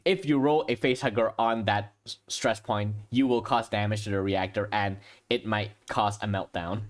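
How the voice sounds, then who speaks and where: A man's voice: on the low side, moderate pace. A man running a tabletop sci-fi horror game as game master, narrating action and explaining rules with frequent restarts. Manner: steady, explains rules, restarts mid-phrase.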